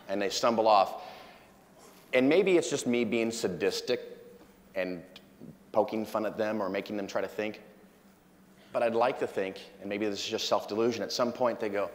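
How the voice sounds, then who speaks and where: A man giving a humorous conference talk to a live audience, telling an animated story. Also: on the low side, normal speed, slight background noise. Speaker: conference speaker. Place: large conference hall. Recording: long hall reverb from a lecture hall.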